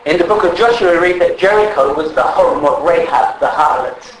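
A man's voice: a little high, fairly quick, roomy sound, slight background noise, poor audio. A man preaching a sermon in a church, exhorting his congregation with repeated rhetorical emphasis.

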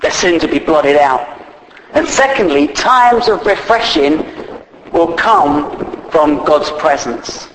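A man's voice: fairly high pitch, expressive, takes it slowly, a bit bright. A man preaching a sermon, retelling scripture in plain conversational speech with frequent fillers. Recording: echoey, faint background noise.

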